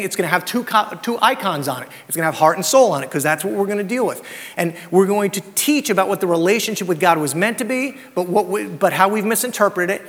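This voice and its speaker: A man's voice: high voice, a bit bright. A man preaching a sermon as pastor, mixing scripture with personal stories and rhetorical questions. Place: church sanctuary. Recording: long hall reverb.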